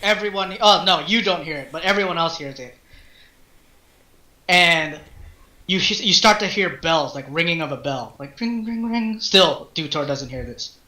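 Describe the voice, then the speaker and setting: Bright-voiced game master in an echoey room. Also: male voice, a little high. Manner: loose, halting narration with restarts. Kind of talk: narrating a tabletop game.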